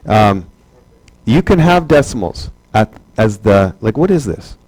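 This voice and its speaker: A man's voice: on the low side, sing-song, measured pace, a little mellow, slightly rough, no echo, poor audio. A man teaching a math class, chatty and joking, asking rhetorical questions over and over. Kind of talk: classroom lecture.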